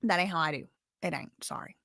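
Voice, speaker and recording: A woman's voice: fairly low pitch, fast talker, vocal fry, sharp tone, dry recording, clean studio sound. Chatty woman hosting legal commentary. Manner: chatty, digressive, blunt asides. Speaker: commentary channel host. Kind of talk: casual livestream legal commentary.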